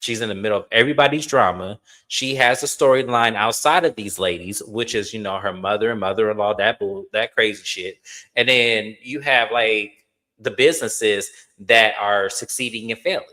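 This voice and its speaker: A man with a bright, forceful voice recaps a reality TV reunion. He tells it in an animated, gossipy way, mixing plain commentary with louder acted-out quotes. His delivery is loose and conversational. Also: lowish voice, normal speed. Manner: acts out quoted cast members in a raised voice.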